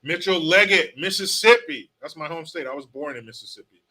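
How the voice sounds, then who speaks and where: Bright-voiced man joking through viewer comments. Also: fairly high pitch, brisk. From California. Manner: joking, sarcastic, reads chat names aloud. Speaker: live-stream host reading viewer comments. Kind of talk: casual live-stream chat.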